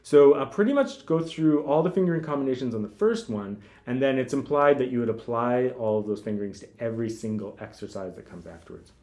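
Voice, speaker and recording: A man giving a casual spoken guitar lesson, talking in a relaxed way between demonstrations, with guitar playing heard behind him. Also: medium pitch, brisk, hardly any pauses. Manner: relaxed, talks while demonstrating, counts fingerings aloud. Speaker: guitar teacher. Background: guitar music.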